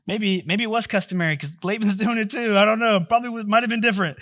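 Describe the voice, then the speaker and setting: A man's voice: sits high, fast talker, a bit bright. A male pastor giving a sermon, telling a story in a joking, conversational way.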